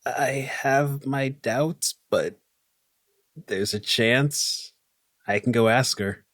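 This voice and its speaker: A man playing a tabletop role-playing game, speaking in character in a calm, dry way. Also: mid-range voice, extremely slow, no echo. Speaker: player. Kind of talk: casual in-character chat.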